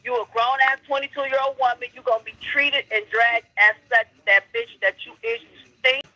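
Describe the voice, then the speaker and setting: A woman's voice: a little high, steady tone, normal speed, sharp tone, no echo. Brash woman caller on a phone line. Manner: brash, preachy, trash-talking. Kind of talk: heated call-in commentary.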